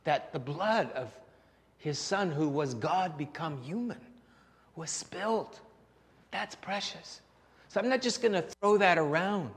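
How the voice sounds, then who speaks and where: High-voiced preaching man in a reverberant hall. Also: a little slow. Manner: conversational, repeats words, asks the congregation rhetorical questions. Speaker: pastor. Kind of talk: sermon.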